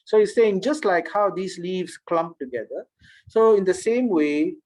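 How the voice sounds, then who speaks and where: Male storyteller-teacher, slightly high voice, earnest, restarts often. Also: animated, unhurried, darkish tone, low-quality recording. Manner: earnest, with frequent restarts and "right?" checks. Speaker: spiritual teacher. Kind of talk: storytelling in a class.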